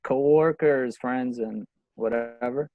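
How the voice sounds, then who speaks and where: A man speaks briefly and plainly at a middle pitch. His voice is dry and close, with no room sound. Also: slow, no room sound, phone-quality sound. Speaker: class participant. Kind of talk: casual chat. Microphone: video call.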